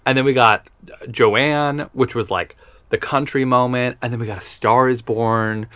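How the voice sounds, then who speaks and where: A man co-hosting a podcast in casual chat, gushing and animated, with lots of "like". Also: mid-range voice, a little slow, clean tone, no echo. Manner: gushing, animated, says "like" often. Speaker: podcast co-host.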